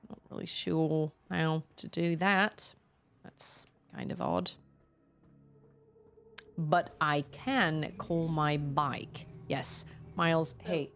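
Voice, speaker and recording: A woman's voice: sits low, very slow, soft background music. A young woman streaming a video game, chatting casually and breaking into silly voices. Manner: chatty, animated, jumps into silly voices and laughs. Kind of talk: casual gameplay stream chat.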